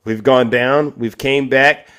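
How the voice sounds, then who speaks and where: Hosting a live stream, a man with a steady, slightly bright mid-range voice speaks slowly while arguing with callers. He is combative and keeps addressing his chat and viewers.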